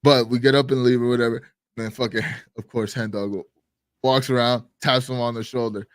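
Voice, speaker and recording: Male co-host, mid-pitch, lively raconteur who swears and shouts out quoted lines, dry studio sound. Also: normal speed, no echo. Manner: animated, swears a lot, acts out quotes loudly. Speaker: podcast co-host. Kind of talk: casual storytelling chat.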